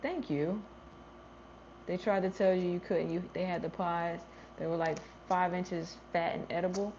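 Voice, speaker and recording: A woman's voice: on the low side, steady tone, normal speed, darkish tone, a little hiss or hum. A woman hosting a gardening livestream in casual chat, answering viewer comments and thinking aloud as she goes. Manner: chatty, thinks aloud, trails off and restarts. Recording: slightly dull lo-fi livestream audio.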